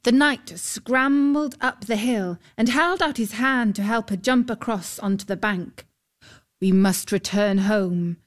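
Brief: woman narrator for a fairy tale, unhurried and even-toned. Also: on the high side. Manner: calm, measured reading. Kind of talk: scripted storybook narration.

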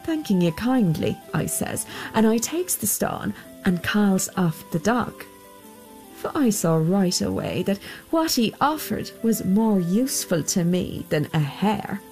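A woman voicing a sly, smooth-talking soldier who wheedles and flatters. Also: mid-range voice, a little slow, soft background music. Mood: wheedling.

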